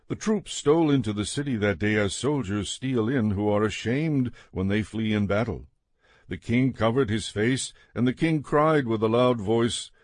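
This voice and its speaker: A man reading scripture aloud in a measured, steady narration. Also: fairly low pitch, no room sound, clean studio sound. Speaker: scripture reader.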